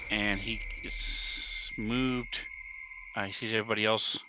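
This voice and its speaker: A man's voice: lowish voice, steady tone, measured pace, noisy background. A man playing a tabletop game, narrating his character's moves in the third person and asking the game master questions. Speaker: player. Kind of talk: tabletop game play over voice chat.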